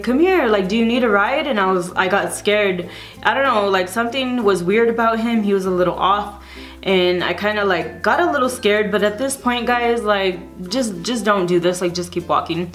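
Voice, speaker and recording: A young woman vlogger casually telling a storytime to camera, rambling with lots of fillers. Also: medium pitch.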